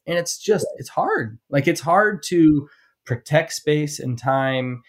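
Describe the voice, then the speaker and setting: A man's voice: on the high side, expressive. A man hosting a podcast interview, thinking aloud and reflecting in a casual, searching way. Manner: reflective, thinks aloud, quick reactions of awe. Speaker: podcast host.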